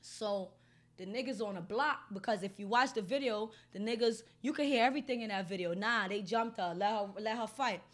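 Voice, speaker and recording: A woman's voice: fairly high pitch, fairly quick, few pauses. A woman telling her own story casually, in a blunt, heated and heavily profane way. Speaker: storyteller recounting an assault.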